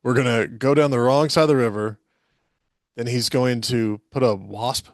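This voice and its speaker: A man's voice: medium pitch, fairly even intonation, moderate pace, no room sound. Male podcast co-host, loose and jokey, laughs a lot, mid-range voice, dry close sound. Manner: loose, joking, laughs often. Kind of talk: casual chat.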